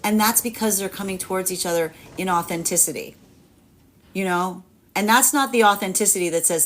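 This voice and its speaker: A woman's voice: medium pitch, fairly quick. A young woman giving a live tarot reading, rambling with many fillers and frequent laughs. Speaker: tarot reader.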